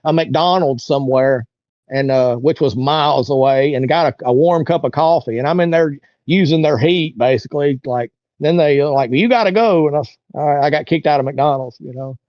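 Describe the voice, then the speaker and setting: A man's voice: medium pitch, fairly even intonation, moderate pace, dry recording, lo-fi sound. A man, an interview guest, telling a long personal story in a casual, rambling, colloquial way and acting out what others said.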